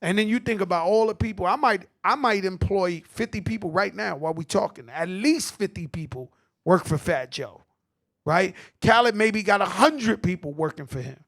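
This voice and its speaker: A middle-aged man with a New York accent, telling animated stories at a tribute panel, acting out quotes and swearing freely. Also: sits high, gravelly. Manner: animated street storytelling, acts out quotes, swears. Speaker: host.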